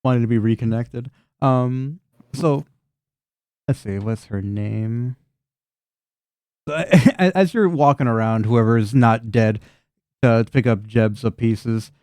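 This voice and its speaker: A man runs a tabletop game in an average-pitched voice, recorded dry with little room sound. He keeps breaking into laughter and swears casually as he narrates the chaos. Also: clear, resonant tone, no echo. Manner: laughs often, swears freely, animated voices for scenes. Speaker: game master.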